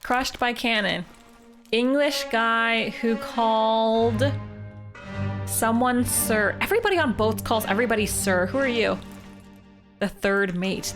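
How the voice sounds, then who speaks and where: A young woman from Canada, a streamer thinking aloud playfully while playing a game live and chatting with viewers. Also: fairly high pitch. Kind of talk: live gameplay commentary.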